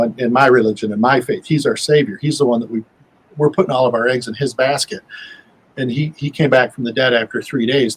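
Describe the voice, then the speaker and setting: A man's voice: medium pitch, husky, poor audio. A man talking as a guest on a show, in a folksy, rambling way with many fillers and restarts. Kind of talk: casual chat.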